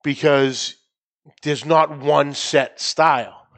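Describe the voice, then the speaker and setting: A man's voice: a little high, fairly even intonation, slow pace, fairly bright tone. A man from New England co-hosting a barbecue podcast, chatting casually and rambling with repeated words. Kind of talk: casual chat.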